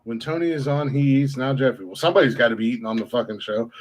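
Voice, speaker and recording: A man's voice: mid-range voice, very fast, a little hiss or hum, poor audio. A man co-hosting a crude comedy podcast, swearing often, laughing and telling stories with quoted voices. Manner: profane, laughing, tells stories with put-on quotes. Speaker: podcast co-host. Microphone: laptop on phone hotspot.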